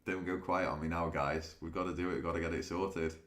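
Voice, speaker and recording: A man's voice: sits low, fairly even intonation, fast, a bit bright, echoey room. A man chatting casually with viewers on a live stream, laughing often and restarting his sentences. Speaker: day trading streamer.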